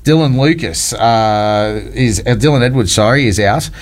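A man's voice: mid-range voice, normal speed. An Australian man hosting breakfast radio, taking phone calls and talking sport in a chummy, upbeat way, calling people mate. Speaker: radio host.

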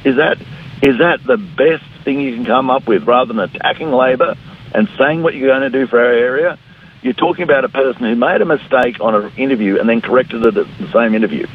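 With a medium-pitched voice, a slightly fast pace and a little hiss or hum on the line, a middle-aged Australian man appears as a politician guest in a phone-line radio interview. Blunt and combative, he mimics opponents.

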